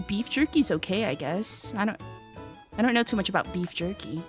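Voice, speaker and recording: A woman's voice: mid-range voice, lively intonation, normal speed. A woman streamer chatting casually and playfully while playing a game, laughing often and reading game text aloud. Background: faint background music.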